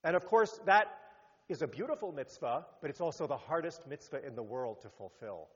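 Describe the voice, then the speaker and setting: A rabbi giving a sermon, animated, rising to emphatic peaks and then dropping low. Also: male voice, brisk, husky. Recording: muffled sound with long hall reverb.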